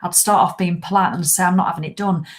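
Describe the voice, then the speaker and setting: A woman's voice: on the low side, fairly even intonation, fast talker. Chatty woman in her fifties. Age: 50s. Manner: chatty, rambling, swears for laughs. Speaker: livestream host. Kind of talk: casual live chat to viewers.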